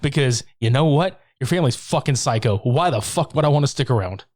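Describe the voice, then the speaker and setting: A man's voice: medium pitch, lively intonation, fairly quick, darkish tone, dry recording, studio quality. A man co-hosting a podcast, casually recapping a movie with lots of swearing and jokey mock voices. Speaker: podcast co-host. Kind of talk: casual chat.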